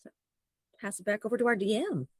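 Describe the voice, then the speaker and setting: A woman's voice: medium pitch, lively intonation, fast talker, slightly rough, no echo. A woman player in a tabletop game livestream, chatting in an upbeat way on a home mic. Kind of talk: casual chat.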